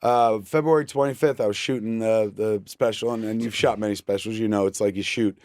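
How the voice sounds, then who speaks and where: A man's voice: fairly low pitch, brisk, dry recording. A man in his forties, a guest on a talk show, telling a story in casual, profane fashion and acting out what people said, recorded on a studio microphone. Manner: profane, animated storyteller who acts out quotes.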